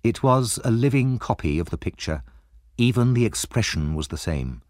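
Expressive male storyteller, low and lively. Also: normal speed, dry recording, clean studio sound. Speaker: narrator. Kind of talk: audiobook story narration.

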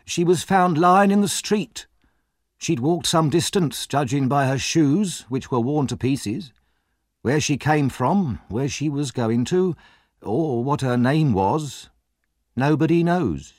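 Old nurse: slow, reedy, gossipy, read by a man. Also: fairly high pitch, expressive, darkish tone, dry recording, clean studio sound, voice pushed up. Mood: gossiping.

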